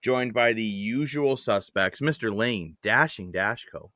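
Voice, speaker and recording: A man's voice: lowish voice, a little slow, pushed and bright, no room sound, clean studio sound. A man hosting a casual post-game sports panel, blunt and opinionated with a joking streak. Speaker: host.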